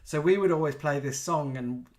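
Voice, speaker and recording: A man's voice: fairly high pitch, moderate pace, a little mellow. A man co-hosting a live chat show, rambling and giggly in casual talk.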